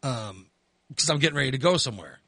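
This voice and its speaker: Bright, animated, crude male storyteller. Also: mid-range voice, quick pace, husky, dry recording. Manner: animated, crude, swearing, exasperated. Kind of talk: casual storytelling chat.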